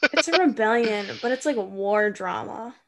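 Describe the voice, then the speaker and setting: A woman's voice: a little high, animated, normal speed, a bit bright. Woman co-host, casual movie chat, playful and rambling. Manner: chatty, playful, many likes and restarts.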